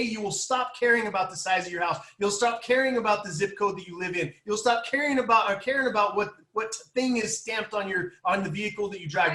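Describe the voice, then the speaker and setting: Man, podcast host, preachy, emphatic, high voice, echoey room. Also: sharp tone. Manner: preachy, emphatic, repetitive build-ups. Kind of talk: motivational commentary.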